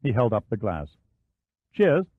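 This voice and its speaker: A man narrating a thriller audiobook in a measured, even storytelling manner. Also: on the low side, no echo. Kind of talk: scripted narration. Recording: dry, phone-like narrow band.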